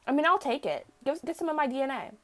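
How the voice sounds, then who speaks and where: Woman, high-pitched, casual joking game commentary, incredulous. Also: lively intonation, fast talker, a bit bright. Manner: incredulous, joking, reads game text aloud. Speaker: let's play gamer.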